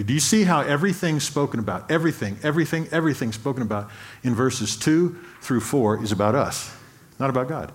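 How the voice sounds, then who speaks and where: A male pastor giving a sermon, talking conversationally, often repeating and restarting words, and reading scripture slowly and with emphasis. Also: mid-range voice, expressive.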